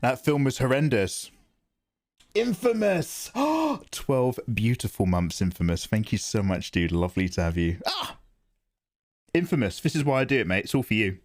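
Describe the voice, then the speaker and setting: A man streaming live art who chats casually with viewers in a rambling, animated way and often laughs. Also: on the low side, a little fast, few pauses. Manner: animated, rambling, laughs into his own impressions. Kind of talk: casual livestream chat.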